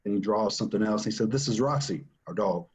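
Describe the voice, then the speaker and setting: A father talks quickly about his family in an earnest personal testimony, stressing points emphatically by repeating them. His voice is on the low side, and the audio quality is poor.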